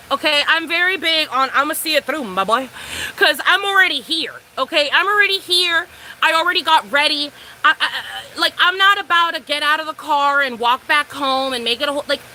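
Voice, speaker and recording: A woman's voice: high-pitched, a little hiss or hum, low-quality recording. A young woman vlogger telling a storytime tale to her viewers, swearing freely and acting out both sides of the story. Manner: profane, animated storytelling. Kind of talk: storytime vlog.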